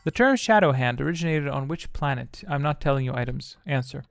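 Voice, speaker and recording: A man hosting a live-stream quiz, muttering to himself and grumbling at his software while he fixes settings. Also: mid-range voice, expressive, brisk, gravelly, background noise. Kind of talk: casual live-stream chat.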